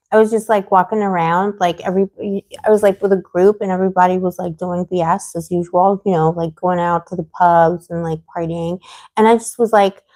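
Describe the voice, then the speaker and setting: A woman's voice: mid-range voice, darkish tone. Rambling woman venting on a live stream. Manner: rambling, getting heated and venting. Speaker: tarot reader hosting a live stream. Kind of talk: casual livestream chat answering viewers.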